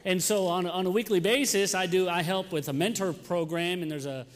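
Young man, youth pastor, chatty and joking with the congregation, slightly high voice, long reverb of a church sanctuary. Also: brisk. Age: young adult. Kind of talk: sermon announcements and storytelling.

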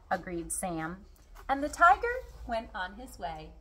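A woman reading a children's storybook aloud in an expressive, unhurried way. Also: mid-range voice, noisy background.

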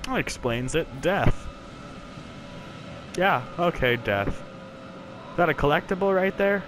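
Brief: young guy doing let's-play chatter, lively bouncy pitch, rambly, game noise behind. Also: takes it slowly. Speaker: gameplay commentator. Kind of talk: casual let's play commentary.

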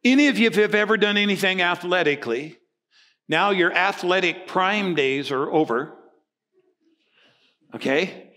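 A pastor in his sixties delivers a sermon in a fairly high male voice. He tells stories with energy and acts out both sides of conversations as he goes. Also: a little slow, long pauses. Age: 60s. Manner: animated storytelling, acting out dialogue.

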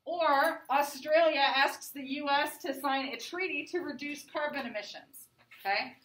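A woman's voice: sits high, a little slow, a bit bright. A woman teaching a class lecture in a conversational way, often checking in with the listeners. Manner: conversational, checks in with frequent "right?" and "okay?". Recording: echoey room, voice from a distance.

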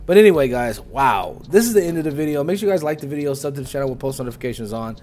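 A man's voice: mid-range voice, lively intonation, rapid-fire, a little mellow. A man hosting a reaction channel, giving emphatic, scolding commentary with sweeping judgments.

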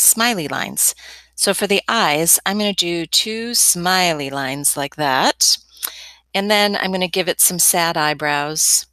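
A woman's voice: lowish voice, pushed and bright, dry recording. A young woman teaching a step-by-step drawing lesson as an art teacher, chatty and encouraging with playful asides.

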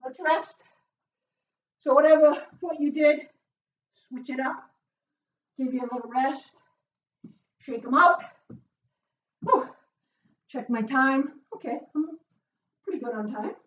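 A woman leading a home workout as a fitness instructor, cheering with loud whoops and getting out of breath as she exercises. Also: high voice, takes it slowly, pauses often. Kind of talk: live workout coaching. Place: small closed room at home. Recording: roomy, distant, dull sound.

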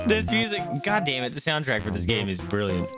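A man's voice: mid-range voice, huge pitch swings, fairly quick. A man streaming a video game, chatting casually and reacting aloud to what happens. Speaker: gaming streamer. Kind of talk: casual let's-play commentary. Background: faint game music.

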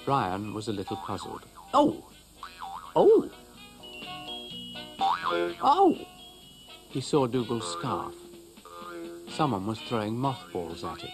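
A man's voice: lowish voice, moderate pace, music in the background. A man narrating a children's cartoon in a dry, understated storybook manner.

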